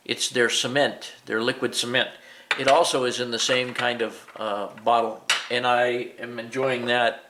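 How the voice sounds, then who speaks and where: A man's voice: medium pitch, level tone, a little slow, noisy background. A middle-aged man who runs a hobby shop, casually reviewing and demonstrating a modeling product, rambling with many fillers and restarts. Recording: echoey room.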